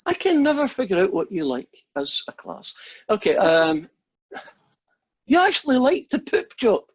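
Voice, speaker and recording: A husky-voiced man gives a casual, joking math lecture over a video call. He chats with plenty of fillers and false starts. His pitch sits a little high, and the sound is dull and lo-fi. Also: wildly swooping pitch, normal speed. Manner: chatty, joking, with many fillers and restarts. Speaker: math teacher. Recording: dull lo-fi online call audio.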